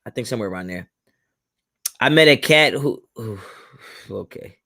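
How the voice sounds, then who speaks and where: A young man, hosting a live stream and casually reading viewer chat, laid-back and slangy, laughing often and swinging his pitch up and down. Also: lively intonation, moderate pace, vocal fry, bright, forceful tone.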